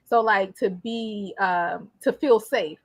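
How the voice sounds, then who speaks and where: A woman hosting a casual interview, animated and quick to repeat herself, often checking in with tag questions. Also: mid-range voice, husky. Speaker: interview host.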